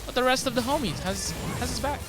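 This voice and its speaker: A man casting a live esports match, excitable and breaking into loud shouts during big plays. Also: extremely high pitch, fast talker, music in the background. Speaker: esports caster.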